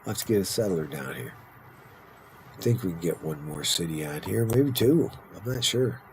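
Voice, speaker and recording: A man's voice: sits low, lively intonation, moderate pace, a little hiss or hum, low-quality recording. A man hosting a casual let's-play of a strategy game, chatty and playful, who slips into mock-grand roleplay and sounds tired and punch drunk. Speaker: gaming video host.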